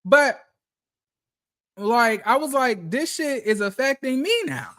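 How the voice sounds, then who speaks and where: A man's voice: very high voice, expressive, slow, fairly bright tone. Exasperated, profane man ranting. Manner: profane, exasperated, repeats phrases. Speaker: streamer. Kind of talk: casual storytelling rant.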